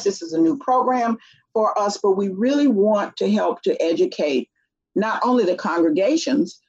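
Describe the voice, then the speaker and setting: A middle-aged woman tells a story in a relaxed interview and slips into the voices of the people she quotes. Her voice is a little husky, and the recording sounds dull and lo-fi. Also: medium pitch. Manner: animated, acts out quoted voices. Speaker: guest.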